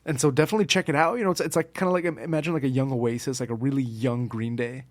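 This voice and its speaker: A man's voice: mid-range voice, fairly even intonation, racing, dry recording. A man talking casually as a podcast guest, a music producer who rambles with lots of fillers and restarts. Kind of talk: casual chat.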